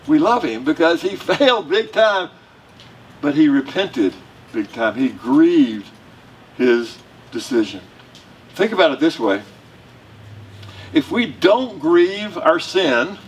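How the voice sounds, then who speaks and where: In a church sanctuary, a man with a husky, somewhat high voice and a Southern US accent delivers a joking, conversational sermon to the congregation. A distant mic catches faint room noise around him.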